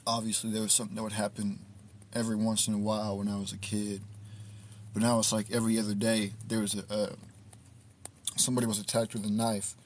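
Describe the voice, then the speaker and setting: Man, low voice, easygoing reflective streamer, outside at night, faint ambient hum behind. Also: level tone. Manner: laid-back, reflective, drawn-out talk. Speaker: livestream host. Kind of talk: casual livestream monologue. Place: outdoors at night in the cold.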